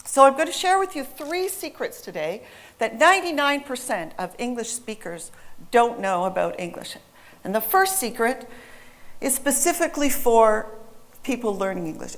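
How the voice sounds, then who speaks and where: A middle-aged woman from North America giving a lively, emphatic talk on stage and speaking directly to her audience. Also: mid-range voice.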